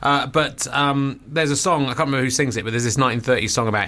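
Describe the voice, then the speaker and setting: A man's voice: medium pitch, quick pace, bright, forceful tone. A man hosting a casual radio chat show, rambling and hesitant with many ums. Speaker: radio host.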